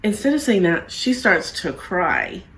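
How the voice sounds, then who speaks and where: A woman's voice: fairly low pitch, sing-song, unhurried, a bit bright. A woman hosting a casual reality TV recap, talking in an exasperated, sarcastic way.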